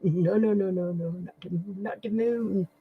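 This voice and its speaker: A woman's voice: medium pitch, a little slow, slightly rough, phone-quality sound. A woman hosts a casual live quiz. She reads questions aloud, stumbles over words, and chats with viewers by name. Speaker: live stream quiz host.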